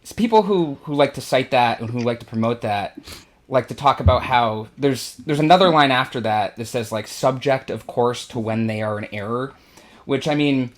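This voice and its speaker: An earnest man co-hosts a casual podcast and argues his point firmly. His voice is mid-pitched. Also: moderate pace. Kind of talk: casual discussion.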